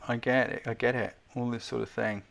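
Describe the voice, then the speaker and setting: Chatty male host judging photos on a live stream, self-deprecating, mid-pitched, keeps asking the audience. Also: level tone, fairly quick, creaky, a bit bright. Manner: self-deprecating, hedging critic. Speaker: host giving photo feedback.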